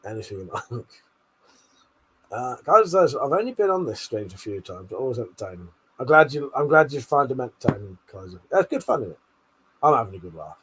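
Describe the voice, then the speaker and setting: Husky British man bantering with a live chat. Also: mid-range voice, sing-song, brisk, fairly bright tone. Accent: British English. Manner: laughs often, swears, banters and teases the chat. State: tipsy. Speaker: livestream host. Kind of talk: casual live-stream chat reading viewer comments.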